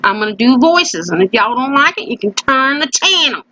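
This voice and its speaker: A woman's voice: high voice, big pitch swings, moderate pace, sharp tone, muffled recording, slight background noise. A woman hosting a crafting video, chatting playfully as she works and often slipping into a put-on folksy country voice. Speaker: craft channel host. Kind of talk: casual crafting voice-over. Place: at home.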